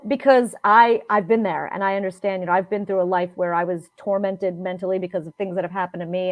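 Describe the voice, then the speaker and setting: A woman guest in a podcast interview, explaining her views in an earnest, steady way. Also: mid-range voice, no echo. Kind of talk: interview answers. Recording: tinny phone-line audio, dry.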